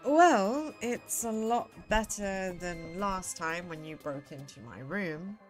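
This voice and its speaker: A woman VTuber giving excitable, playful game commentary from her home gaming corner, swearing freely. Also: mid-range voice, takes it slowly, soft background music. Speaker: VTuber streamer.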